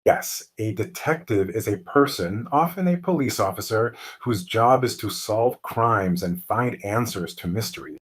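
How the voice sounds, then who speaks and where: A man narrating a mystery story slowly and clearly as host of a lesson for English learners. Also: lowish voice. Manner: calm, clear, deliberate.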